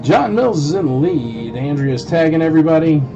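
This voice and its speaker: A man's voice: a little high, expressive, moderate pace, vocal fry. A man hosting a casual livestream toy auction, chatting and joking with bidders and greeting them by name. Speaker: live auction host. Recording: dull lo-fi stream with loud music.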